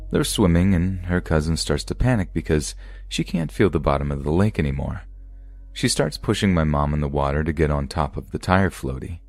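A man reading true scary stories aloud as a podcast narrator, in a calm, even storytelling delivery. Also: very deep voice, no room sound.

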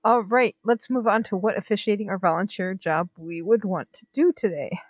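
A woman co-hosting a casual sports chat show, talking in an animated, indignant way with frequent restarts. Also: mid-range voice, normal speed, no room sound. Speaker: podcast co-host. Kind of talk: casual chat about Olympic news.

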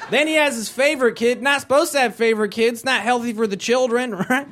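A man's voice: very high voice, fast talker, few pauses, fairly bright tone. A man performing a stand-up comedy set, animatedly acting out the characters he quotes. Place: live comedy venue. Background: audience laughter.

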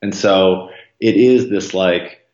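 A man's voice: slow, a little mellow. A man talking as a podcast guest, rambling casually with lots of ums and likes, acting out quoted voices. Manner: acts out quoted voices with jumps in pitch. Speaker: podcast guest, marathon runner. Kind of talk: casual interview conversation. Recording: roomy, slightly dull sound.

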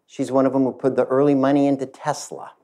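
A middle-aged man, a company chief, tells a story from his career to an audience, lively and speaking straight to the listeners. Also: medium pitch, fast talker. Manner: animated, addresses the audience directly. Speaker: CEO giving a talk. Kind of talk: storytelling keynote talk.

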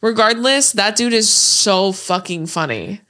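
Woman co-host, bright voice, casual chat, swears, laughs a lot. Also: medium pitch, animated, unhurried. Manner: laughing, swearing, rambling with many fillers. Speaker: podcast co-host.

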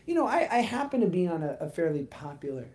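A man in his thirties co-hosting a casual podcast, telling animated stories and laughing as he goes. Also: on the high side, fast, slight background noise. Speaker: podcast co-host. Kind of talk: casual chat, storytelling.

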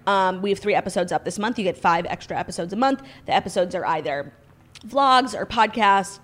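A young woman co-hosting a podcast, rattling along quickly in a casual chat. She keeps her pitch in a middle range and fills her talk with "like" and "um". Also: a bit bright. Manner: chatty, many likes and ums. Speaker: podcast co-host.

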